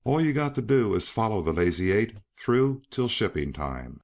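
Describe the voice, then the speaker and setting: A man reading as an older frontier cowman with a slow, whimsical drawl and blunt, folksy talk. The voice sits very low, yet it rises and falls freely. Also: big pitch swings, gravelly, darkish tone, exaggerated voice. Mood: encouraging.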